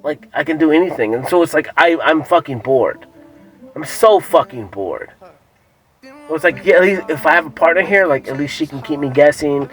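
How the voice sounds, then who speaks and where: A man's voice: a little high, normal speed, faint music behind, poor audio. Rambling, profane man. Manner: profane, rambling, with many fillers and restarts. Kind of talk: casual rambling monologue.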